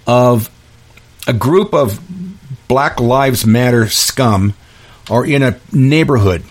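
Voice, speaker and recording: A man hosting a podcast, delivering an emphatic, ranting monologue with frequent restarts. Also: mid-range voice. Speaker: podcast host. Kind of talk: opinion monologue.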